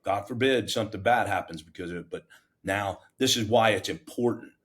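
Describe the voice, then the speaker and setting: A middle-aged man and fire captain, telling a story in a casual interview in an animated, self-mocking, plain-spoken way with many restarts. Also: on the low side, a little fast. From United States.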